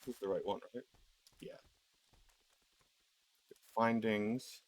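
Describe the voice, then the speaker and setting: A man's voice: on the low side, steady tone, slow pace, dry recording. A man ranting casually while playing a game, rambling with lots of fillers and swearing. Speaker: video creator. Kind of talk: casual rant while gaming.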